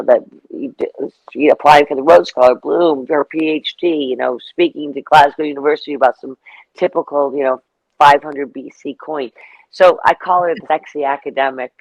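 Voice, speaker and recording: A middle-aged woman talking casually as an interview guest, telling animated stories with lots of asides. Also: deep voice, normal speed, gravelly, no room sound, rough recording. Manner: chatty, storytelling, animated asides.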